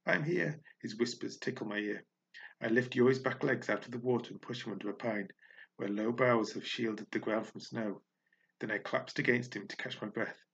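A man narrating a children's adventure story in the first person, measured and expressive. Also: medium pitch, dull audio. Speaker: audiobook narrator.

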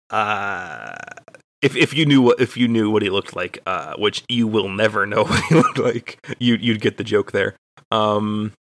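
A man's voice: on the low side, creaky, a bit bright, dry recording, clean studio sound. A young man from Texas, a podcast co-host, telling a rambling, profane, self-deprecating story in casual chat.

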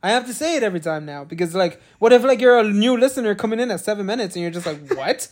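A man's voice: high-pitched, lively intonation, very fast. Rambling, profane male podcast co-host. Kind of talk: casual chat.

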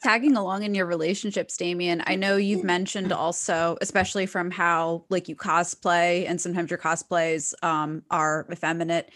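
Woman, podcast co-host, lower voice, relaxed questioning. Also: normal speed, hardly any pauses. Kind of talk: casual chat.

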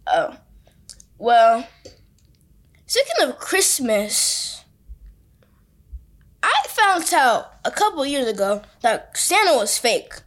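A young woman co-hosting a podcast, telling stories in animated, chatty casual talk. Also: high voice, takes it slowly, long pauses. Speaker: podcast co-host. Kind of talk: casual chat.

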